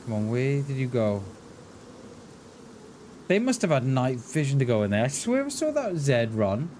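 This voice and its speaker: Man, light Mid Welsh accent, live streamer, casual gaming commentary, chatty, musing, mid pitch, faint background hum. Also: very animated, moderate pace, a little mellow. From Mid Wales. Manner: chatty, musing, answers chat with "mate".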